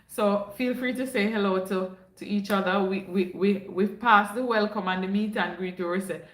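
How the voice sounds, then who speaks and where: Telling stories on a casual livestream, a young host with a Jamaican accent chats away in a mid-range, fairly bright voice at normal speed, switching into patois from time to time. The recording has an echoey room sound.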